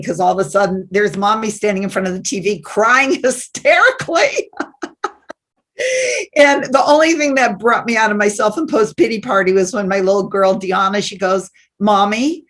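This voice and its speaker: Podcast guest, woman, animated storyteller who slips into voices for quoted people. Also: medium pitch. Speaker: guest, success teacher. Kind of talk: personal storytelling.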